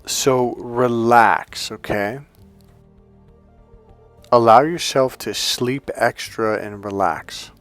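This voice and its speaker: Man, mid-pitched life coach talking unscripted to camera, halting and rambling, dry close sound with faint music under it. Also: fairly bright tone, no echo. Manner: rambling, searching for words, many restarts. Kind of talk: unscripted motivational talk to camera.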